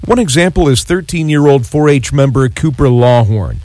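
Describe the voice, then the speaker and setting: A man hosting a short radio farm news report in a steady newsreader tone. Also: medium pitch, normal speed, no echo.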